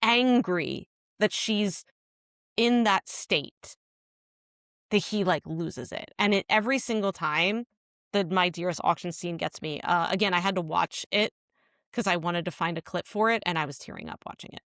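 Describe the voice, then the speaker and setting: A woman's voice: on the low side, unhurried, fairly bright tone, dry recording, clean studio sound. A woman co-hosting a podcast, casually retelling a drama scene with lots of "like" fillers. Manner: rambling retelling full of "like" fillers. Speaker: podcast co-host.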